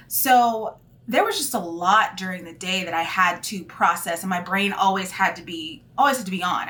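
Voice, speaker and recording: Candid woman teacher vlogging. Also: lowish voice. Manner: candid and animated, lots of fillers. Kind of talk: casual vlog monologue.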